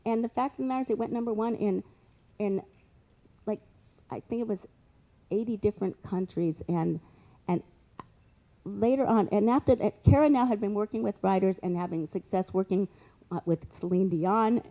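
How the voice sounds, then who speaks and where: A woman telling a long story as a guest speaker, animated, acting out both sides of conversations and adding lively asides. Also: medium pitch, normal speed, pauses often, lo-fi sound. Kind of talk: storytelling on stage.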